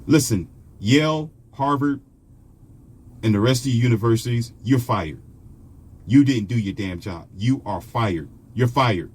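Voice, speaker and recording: A man with a husky, slightly breathy voice at a middle pitch rants straight at his audience. He scolds and mocks them and preaches his predictions in a confrontational tone. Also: unhurried, darkish tone. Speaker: online commentator. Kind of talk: ranting monologue.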